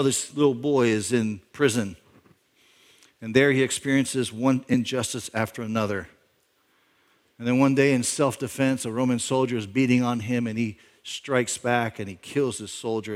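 A middle-aged male pastor giving a sermon, telling a story conversationally, with lines that climb louder and higher for emphasis. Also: fairly even intonation, moderate pace. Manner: conversational storytelling, imagining a backstory aloud; rises in pitch and volume for emphasis.

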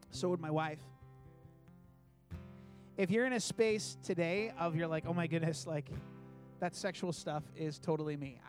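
A man's voice: fairly high pitch, darkish tone. A man preaching a sermon as pastor, earnest and conversational, acting out little quoted asides.

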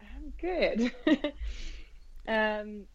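A woman from the Scottish Highlands, speaking with that accent as an actress guest in a relaxed interview, laughing easily and letting phrases trail off softly. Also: very slow, dull audio. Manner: easygoing, laughs often, soft trailing phrases. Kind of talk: casual interview chat. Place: remote from a home in New York.

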